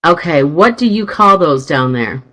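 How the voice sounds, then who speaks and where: A woman's voice: low-pitched, lively intonation, normal speed, pushed and bright, low-quality recording. A woman hosting a radio talk show, chatty and bubbly, laughing often as she tells stories. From northern United States. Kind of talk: casual radio chat.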